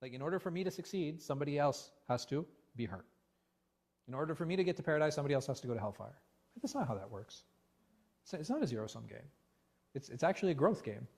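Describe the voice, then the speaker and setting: A man leading a religious class discussion as imam, animated and full of rhetorical questions, often restarting his words. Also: fairly high pitch, fast. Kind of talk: interactive religious class talk. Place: mosque class room.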